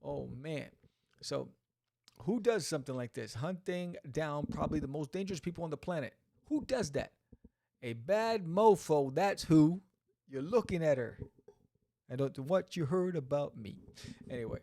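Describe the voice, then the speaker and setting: A man with a slightly high, gravelly voice hosts a podcast and chats about a comic with lively, joking asides. The sound is close and dry, with no room echo. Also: a little slow. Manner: animated, chatty, joking asides. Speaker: podcast host reviewing a comic. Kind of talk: casual comic review commentary.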